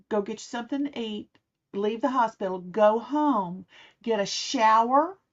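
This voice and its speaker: A middle-aged woman telling a personal story in a casual way, acting out the people she quotes. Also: medium pitch. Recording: slightly muffled, dull sound.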